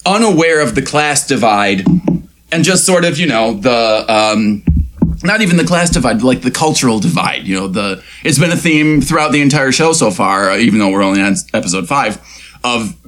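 A man's voice: mid-range voice, expressive, normal speed, a bit bright. A man co-hosting a casual TV recap podcast, playful and prone to slipping into character voices. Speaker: podcast co-host.

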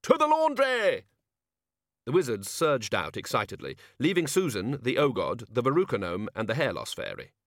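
A man reading a novel aloud as an audiobook narrator, wry and expressive. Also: medium pitch, brisk, hardly any pauses, no room sound, clean studio sound. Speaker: audiobook reader.

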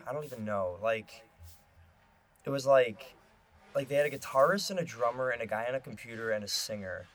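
A man's voice: fairly low pitch, a little fast. A man co-hosting a podcast, rambling casually with a lot of filler words. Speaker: podcast co-host. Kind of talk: casual chat.

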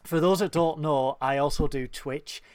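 Male podcast co-host, giddy fan energy, higher voice, dead-dry sound. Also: moderate pace, dry recording. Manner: excitable, fanboyish, laughs often. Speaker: podcast co-host reviewing a TV episode. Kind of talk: casual chat.

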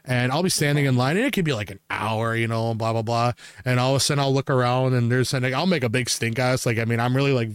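A young man telling rambling, jokey stories on a casual podcast, laughing often and putting on loud silly voices. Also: medium pitch, quick pace, hardly any pauses, clear, resonant tone, no room sound, studio quality. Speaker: podcast host. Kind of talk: casual podcast chat, storytelling.

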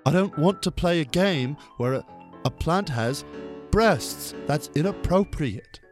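A man's voice: fairly high pitch, lively intonation, a little slow, faint music behind. A man co-hosting a comedy podcast, joking, laughing often and narrating a silly made-up scene. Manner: jokey, laughs often, slides into silly voices. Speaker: podcast co-host and game narrator.

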